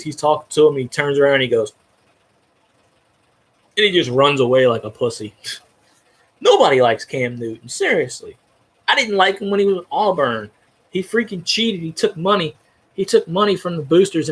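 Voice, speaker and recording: A man's voice: a little high, fairly bright tone, husky. A man ranting bluntly about football in a casual chat, swearing freely and restarting his sentences as he goes. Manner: profane, blunt, rambling with restarts. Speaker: sports fan commentator.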